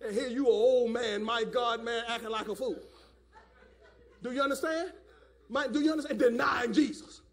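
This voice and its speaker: A man's voice: extremely high pitch, moderate pace. A man preaching a fiery sermon at a church service, hollering and repeating "my God, man". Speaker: elder preaching.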